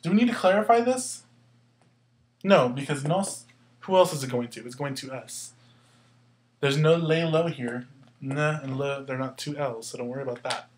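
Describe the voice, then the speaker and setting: A man teaching a language lesson step by step, asking questions and answering them himself and slowly sounding out words to show where the stress falls. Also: mid-range voice, expressive, a little hiss or hum. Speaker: Spanish teacher. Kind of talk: explaining grammar step by step.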